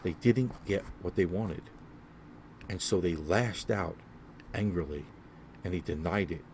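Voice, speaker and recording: A man's voice: sits low, a little slow, creaky, darkish tone, slight background noise. A man hosting his own podcast, talking alone in a rambling, repetitive way with many fillers. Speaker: podcast host. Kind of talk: solo casual podcast monologue.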